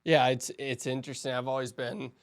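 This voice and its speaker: Male podcast host, mid-pitched, animated storyteller who acts out quotes. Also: a little fast. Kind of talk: casual podcast conversation.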